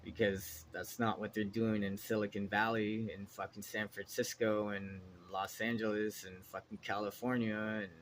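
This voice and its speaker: A man's voice: on the low side, a little hiss or hum. A man in a rambling, agitated monologue, swearing constantly and trailing off mid-sentence. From Canada. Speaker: vlogger.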